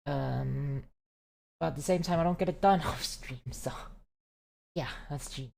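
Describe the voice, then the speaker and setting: A woman's voice: sits low, unhurried, vocal fry, darkish tone. A young woman streamer chatting casually while playing a game, rambling and giggly with lots of fillers.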